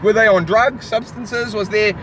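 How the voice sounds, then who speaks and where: A high-pitched man, tipsy and animated, rambles through crude jokes while sitting in a car. Loud city traffic rumbles outside and fills the recording. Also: normal speed. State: tipsy from drinking. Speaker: vlogger host. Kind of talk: rambling casual banter. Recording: loud street traffic noise.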